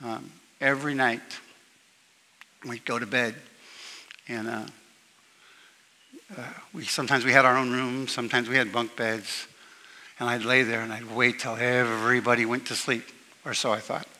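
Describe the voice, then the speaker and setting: A man giving a eulogy for his brother at a memorial service, telling personal stories in a halting way with many fillers and restarts. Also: medium pitch, little pitch movement, sharp tone. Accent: Southern US slip. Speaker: eulogist, younger brother of the deceased. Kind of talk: memorial speech with personal anecdotes. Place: church hall at a memorial service. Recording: long reverb from a large hall.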